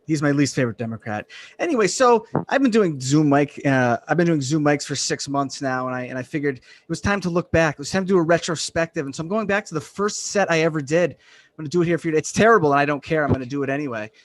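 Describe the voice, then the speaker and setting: A man from Western Massachusetts doing a deadpan, self-deprecating stand-up set over a video call. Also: on the high side, quick pace. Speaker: stand-up comedian.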